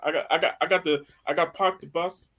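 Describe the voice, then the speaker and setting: A man's voice: fairly high pitch, fairly even intonation, fairly quick, sharp tone. A man co-hosting a football talk stream, rambling and laughing as he loses his thread. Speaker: co-host. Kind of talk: casual chat.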